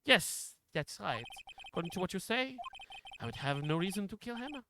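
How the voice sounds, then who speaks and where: A man's voice: sits high, very animated, normal speed, background noise. A man voicing a cold, scheming woman studio boss with a haughty, clipped delivery.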